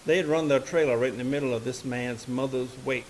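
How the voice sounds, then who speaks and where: A man's voice: mid-range voice, fairly quick, low-quality recording. Folksy man telling a story onstage. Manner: folksy, rambling, with many "and, uh" restarts. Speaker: musician and bandleader. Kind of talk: onstage storytelling to a live audience. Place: live music stage, indoors.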